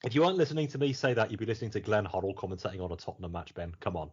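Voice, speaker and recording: A man with a low, slightly husky voice hosts a podcast in loose, rambling chat. His pitch swings widely as he laughs and swears his way through. The audio is muffled and lo-fi. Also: racing, darkish tone. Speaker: podcast host. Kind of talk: casual chat.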